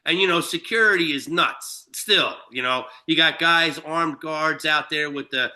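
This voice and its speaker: With a slightly high, sharp-toned voice and a somewhat slow pace, this man from Shelter Island, New York, is a guest spinning a lengthy, profane story. The casual telling is packed with fillers and restarts.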